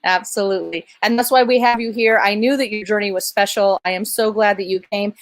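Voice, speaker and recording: A woman's voice: mid-range voice, fairly even intonation, fairly quick, no echo. A woman hosting an online interview, effusive and emotional. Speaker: host. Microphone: video call.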